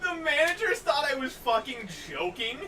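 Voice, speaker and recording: Excitable high-voiced man telling stories. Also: normal speed, crowd noise. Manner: animated, laughing, acts out quotes loudly. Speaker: podcast host. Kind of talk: casual storytelling chat. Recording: distant mic, faint noise.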